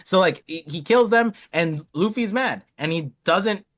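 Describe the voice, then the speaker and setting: Rambling excitable man. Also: sits high, unhurried. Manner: rambling, many restarts, lively impressions of characters. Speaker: podcast host. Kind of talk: casual chat.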